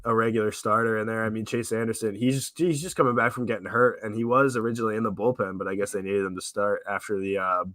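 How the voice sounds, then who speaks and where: A sick, hoarse man co-hosting a sports podcast, rambling casually with lots of fillers. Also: lowish voice, little pitch movement, fast, few pauses, a bit bright, no room sound. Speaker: podcast co-host.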